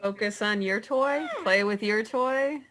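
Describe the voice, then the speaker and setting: A woman's voice: medium pitch, unhurried, fairly bright tone, slight background noise. Reflective mother sharing in a group. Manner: reflective, thinking aloud. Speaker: parent in a workshop.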